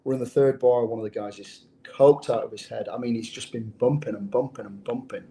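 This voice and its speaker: A man tells his undercover past in a casual interview, speaking bluntly and swearing freely. His voice is dark and mellow, and he keeps doubling back on his words as he goes. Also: mid-range voice, fairly even intonation, brisk, slight background noise. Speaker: former undercover officer, guest.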